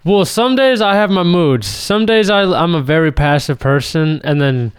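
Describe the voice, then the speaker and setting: A man's voice: a little high, moderate pace, clean tone. A young man co-hosting a casual podcast, teasing and cracking jokes. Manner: teasing, joking banter. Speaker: podcast co-host. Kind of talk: casual chat.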